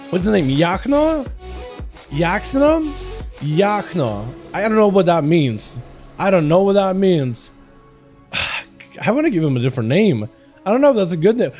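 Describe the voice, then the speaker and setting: A man from Russia, streaming and casually chatting with viewers, then giving brisk play-by-play commentary on game duels, sometimes stumbling over his words. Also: high-pitched, big pitch swings, darkish tone, faint music behind.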